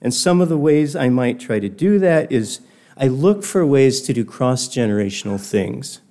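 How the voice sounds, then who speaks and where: Mellow, thoughtful older man. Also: medium pitch, lively intonation, normal speed. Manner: thoughtful, digressive storyteller. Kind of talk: reflective personal talk.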